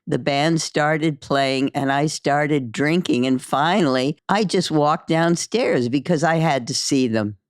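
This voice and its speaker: A woman narrating a memoir in the first person, slow and measured, in audiobook style. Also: deep voice, dry recording, clean studio sound.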